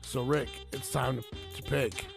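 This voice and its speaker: A man co-hosting a podcast in casual chat, relaxed and agreeable, laughing often. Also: medium pitch, measured pace, gravelly, music in the background. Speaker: podcast co-host.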